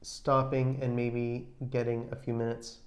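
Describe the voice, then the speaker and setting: A man co-hosting a podcast with his wife, talking in a measured, reflective way with frequent restarts. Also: medium pitch, completely flat delivery. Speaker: podcast co-host, husband. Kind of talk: casual advice chat.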